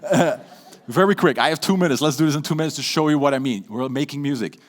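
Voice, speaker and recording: A man with a Dutch accent giving a lively stage talk on public speaking, playful and shifting between loud and hushed delivery. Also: a little high, fast. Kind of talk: live keynote talk with audience interaction.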